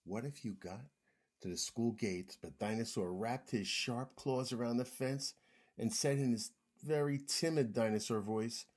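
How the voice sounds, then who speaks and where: A man reading a picture book aloud to young children, gentle and expressive, sometimes dropping to a whisper. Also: mid-range voice, unhurried.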